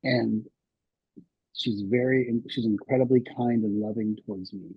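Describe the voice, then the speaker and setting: A man in his sixties, speaking with a husky edge. He tells personal stories in a rambling way, with plenty of fillers and restarts. The sound is dry and a little dull, like a lo-fi recording. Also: fairly low pitch, steady tone, measured pace, no echo. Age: 60s. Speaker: podcast guest. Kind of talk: candid interview storytelling.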